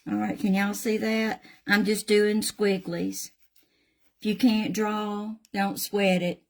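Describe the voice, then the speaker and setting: A woman's voice: mid-range voice, flat delivery, slow, creaky. An older woman with a Southern US accent, casually chatting through a painting demonstration in a folksy way and addressing viewers by name. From Southern United States. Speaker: craft channel host.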